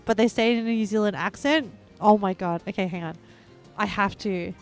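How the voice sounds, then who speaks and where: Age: young adult. Role: game streamer. Style: rambling casual chat. Pitch: mid for a woman. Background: faint music. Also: a little fast. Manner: chatty and rambling, heavy on "like" fillers; bursts into excited squeals and laughs.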